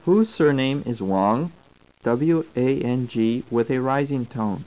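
Slow, measured male course narrator. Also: medium pitch, mellow, low-quality recording. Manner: slow, measured, spells out words and tones. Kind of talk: scripted instructional narration. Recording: old tape recording.

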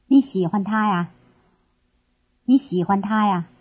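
A woman playing a young female student who gives bus directions in slow, careful drill lines. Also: mid-range voice, a little mellow, breathy edge. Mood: answering. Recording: dull lo-fi course tape.

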